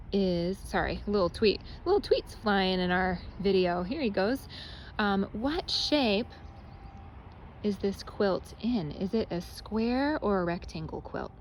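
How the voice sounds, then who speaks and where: A woman's voice: mid-range voice, a little hiss or hum. A cheerful young woman teaching a casual math lesson to children, chatting to them as she films with a phone in one hand. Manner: cheerful, chatty, addresses kids as guys. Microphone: phone held in hand.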